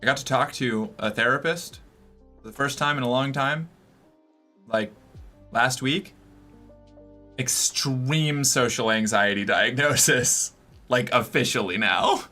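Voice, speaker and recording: Bright-voiced chatty young man streamer. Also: medium pitch, measured pace, long pauses, soft background music. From US Northeast. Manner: talkative, rambling, many fillers. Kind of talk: casual chat reading viewer messages.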